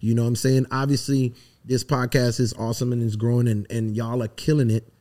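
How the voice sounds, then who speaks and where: A man's voice: medium pitch, little pitch movement, brisk, dark tone. A middle-aged man from the Virgin Islands, a songwriter guest talking emphatically and from the heart in a casual podcast interview.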